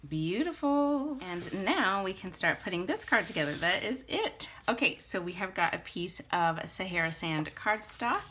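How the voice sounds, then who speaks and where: A woman's voice: medium pitch, lively intonation, moderate pace, few pauses, a bit bright, slight background noise. A young woman chatting her way through a card-making tutorial, gushing about papers and colors and thinking aloud as she works at her craft table.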